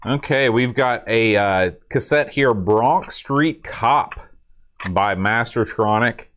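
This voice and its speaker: A man's voice: mid-range voice, slow, a bit bright, clear, resonant tone. A man co-hosting a casual chat about retro video games, dry and joking as he shows off items. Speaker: co-host.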